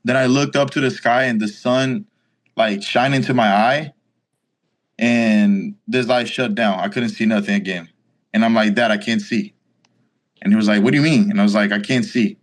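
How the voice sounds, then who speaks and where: A man's voice: on the low side, moderate pace. A young man in his twenties from Brazil, with a Brazilian accent and Portuguese as his first language, telling a story casually as an interview guest and acting out the dialogue. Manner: animated retelling, acting out quoted dialogue, frequent "like".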